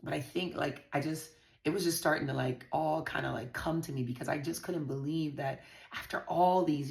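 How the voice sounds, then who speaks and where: A woman from the Virgin Islands, vlogging to her audience, recounts a personal story in frank, foul-mouthed terms. She speaks at a moderate pace in a low, creaky, somewhat dark voice, with reverb around it.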